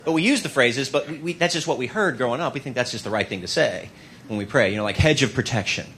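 A man's voice: medium pitch, animated, fast, slight background noise. A man performing a stand-up comedy routine on stage, with wry, playful asides. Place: stage before a live audience. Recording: live show with loud crowd laughter.

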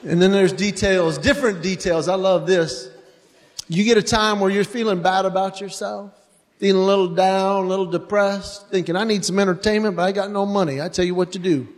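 A middle-aged man doing animated stand-up comedy for a live audience, acting out stories about his children. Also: high voice, a little fast, in a large hall. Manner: animated storyteller acting out his kids and himself.

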